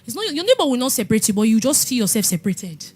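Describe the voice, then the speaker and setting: Animated high-voiced woman pastor. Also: racing, breathy edge. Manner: animated storytelling, laughing and exclaiming. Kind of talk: testimony sermon.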